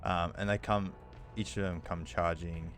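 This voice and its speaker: A man narrating as dungeon master of a tabletop game, talking loosely with many fillers and pauses. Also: low-pitched, steady tone, a bit bright.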